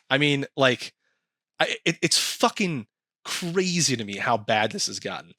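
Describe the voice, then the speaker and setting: A man chatting casually on a podcast, animated and swearing often as he acts out quoted comments. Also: medium pitch, unhurried, no echo. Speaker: podcast co-host.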